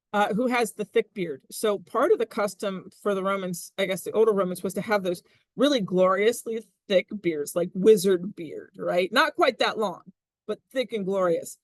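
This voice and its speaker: Woman, Latin teacher, casual and animated, mid pitch, dry recording. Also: no room sound. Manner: chatty, animated, laughs often. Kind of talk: casual classroom explanation.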